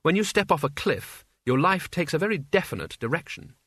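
A man reading an audiobook as its narrator, in an even, measured storytelling manner. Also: on the high side, slightly rough, no echo, studio quality.

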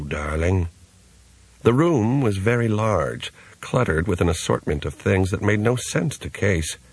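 A male audiobook narrator with a deep, husky voice and a measured, even delivery. The recording is dry and close, with no room sound. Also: no room sound. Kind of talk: scripted narration.

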